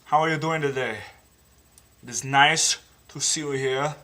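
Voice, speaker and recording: A man doing an impression of a famous action-star governor, boasting and ranting in loud outbursts. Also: on the high side, steady tone, measured pace. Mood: boastful.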